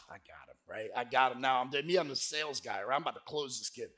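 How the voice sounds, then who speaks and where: A man giving a lively motivational sales keynote to a live conference crowd, telling stories and pushing the audience to shout answers back. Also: on the high side, fast. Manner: energetic, crowd call-and-response; folksy, peppered with "right?". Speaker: sales speaker.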